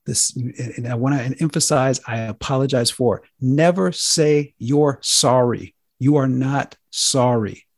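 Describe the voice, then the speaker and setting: A man hosting a talk show, speaking earnestly and with drawn-out emphasis. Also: mid-range voice, vocal fry, breathy edge, no echo, studio quality. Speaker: host.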